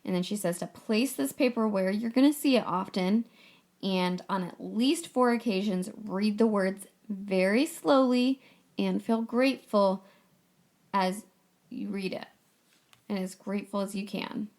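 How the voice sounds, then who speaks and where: A woman hosts a laid-back solo podcast with a breezy, playful way of talking. She stays chatty and upbeat and drops casual swear words as she goes. Her pitch sits in an ordinary middle range. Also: unhurried, darkish tone. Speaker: podcast host.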